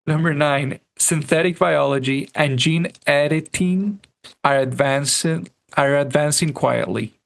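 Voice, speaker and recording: A man co-hosting a podcast, reading numbered items aloud in a plain, halting way. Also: on the high side, gravelly. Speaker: podcast co-host.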